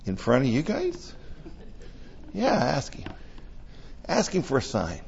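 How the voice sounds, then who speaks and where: Older male preacher, chatty and emotional storyteller, mid-pitched, muffled lo-fi recording. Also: huge pitch swings, slow pace, creaky, a little mellow, slight background noise. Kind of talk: conversational sermon.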